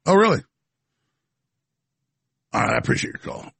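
A man's voice: mid-range voice, very animated, moderate pace, gravelly, a bit bright, slightly rough, no echo. A male talk show host taking calls, blunt and skeptical with the caller. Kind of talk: call-in radio talk.

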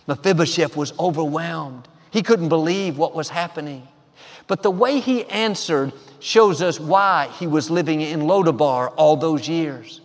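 A pastor preaches a sermon to a congregation in a high, bright-toned voice at a measured pace, the long reverb of a large hall carrying his words. He's emphatic, declaring each affirmation with rising force.

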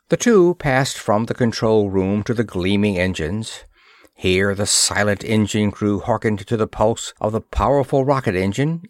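A man's voice: lowish voice, no room sound, studio quality. Male storyteller reading pulp fiction. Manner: steady storytelling read. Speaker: narrator. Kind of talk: scripted narration of a pulp science-fiction story.

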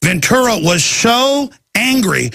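A man's voice: very high-pitched, very animated, slow pace, vocal fry, pushed and bright, no room sound, studio quality. A middle-aged man hosting a talk show, ranting in an impassioned monologue and mocking people in put-on voices.

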